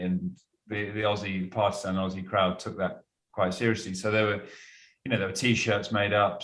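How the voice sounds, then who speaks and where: Brief: male guest, low voice, relaxed anecdotal chat, roomy echoing sound. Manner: chatty, laughs through anecdotes. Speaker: guest cricketer. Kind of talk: casual storytelling. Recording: roomy echo.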